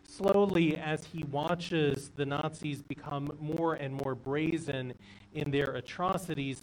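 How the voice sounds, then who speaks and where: A pastor in the pulpit delivers an earnest sermon, his voice slightly raised in pitch. He sits a little back from the microphone in what sounds like a church sanctuary. A faint hiss of background noise runs underneath. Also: distant mic, poor audio. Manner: earnest storytelling preaching.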